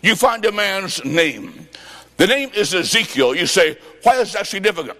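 High-voiced preacher in a reverberant hall. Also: male voice, sing-song, normal speed. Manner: dramatic, swings between shouts and hushed asides. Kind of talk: sermon with storytelling.

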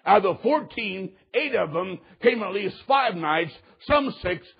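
A man preaching a sermon, telling a story with animated delivery and acting out the quotes. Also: high-pitched, unhurried, vocal fry, breathy edge, dull audio.

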